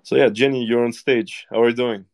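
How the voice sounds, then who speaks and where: A man's voice: medium pitch, fairly even intonation, brisk. A man hosting an online audio room, welcoming speakers on stage in a friendly way. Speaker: host.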